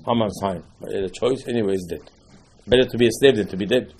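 A man delivers a sermon in slightly broken. His voice is husky. He swings from loud, emphatic lines to quiet asides. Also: fairly low pitch, fast, rough recording. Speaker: rabbi.

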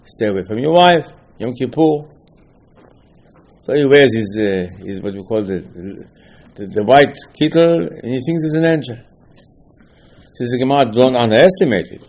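A rabbi teaches a Torah class in an informal way, speaking emphatically, repeating key phrases, and tossing out rhetorical questions in slightly broken English. His medium-pitched voice is expressive and a little mellow, moving at normal speed with long pauses.

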